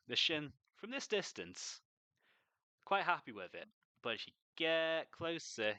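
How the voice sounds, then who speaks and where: Chatty sweary man with a bright voice. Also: fairly low pitch, no room sound. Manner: chatty, swears freely, rambles. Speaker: miniature painting streamer. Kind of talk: casual chat while painting.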